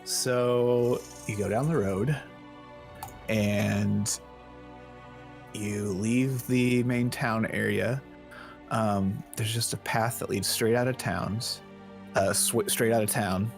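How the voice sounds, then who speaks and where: Slow, hesitant man running a game. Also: lowish voice, creaky, faint music behind. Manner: relaxed, hesitant, many ums. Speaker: game master. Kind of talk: narrating a tabletop game.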